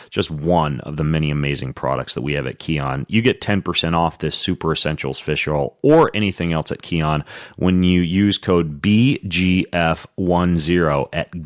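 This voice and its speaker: Deep-voiced energetic male podcast host. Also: dry recording, studio quality. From Washington state, US. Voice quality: slightly altered speech from new veneers. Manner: energetic, rapid-fire delivery. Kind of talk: podcast intro and ad reads.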